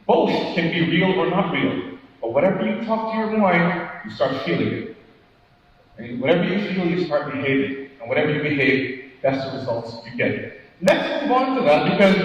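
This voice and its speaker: A man giving a motivational keynote talk at a conference, animated, putting questions to the audience and acting out quotes. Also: sits high. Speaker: keynote speaker. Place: large conference hall. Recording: echoey hall, distant mic, dull sound.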